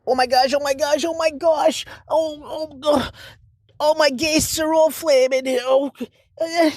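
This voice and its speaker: A man's voice: very high-pitched, fairly even intonation, a little slow, darkish tone, no room sound, studio quality. A man voicing a nervous, stammering middle-aged male accountant who leaves a rambling voicemail. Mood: overexcited. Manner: stammering, repeating words, flustered. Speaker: voicemail caller.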